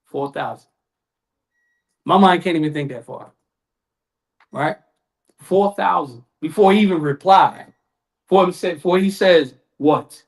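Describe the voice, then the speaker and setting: A man's voice: high voice, measured pace, long pauses. A man giving a sermon at a community event, in casual street talk, dramatic and acting out voices. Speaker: lecturer.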